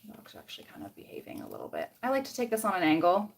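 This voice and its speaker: This young Canadian beauty vlogger races along with huge pitch swings in a creaky, medium-pitched voice, and a little hiss or hum sits under the audio. She's curling her hair on a livestream, reading out comments and rambling casually between steps.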